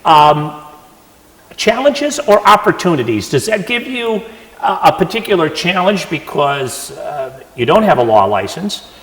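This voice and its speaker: A man's voice: on the high side, sing-song, unhurried, fairly bright tone. A man hosting a television interview, asking questions conversationally with frequent stammered restarts. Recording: roomy with long reverb.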